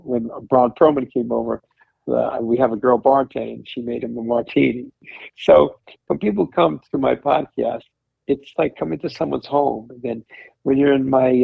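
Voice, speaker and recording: A man telling stories and encouraging his host in a casual chat, rambling and warm-hearted. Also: medium pitch, gravelly, slightly rough, no room sound. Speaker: podcast host as guest. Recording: dry tinny phone-line sound.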